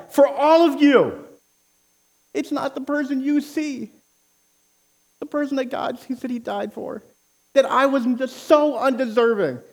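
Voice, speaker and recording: A man preaching a sermon with passion, near to yelling at times, often repeating words as he starts a phrase. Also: very high-pitched. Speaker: pastor.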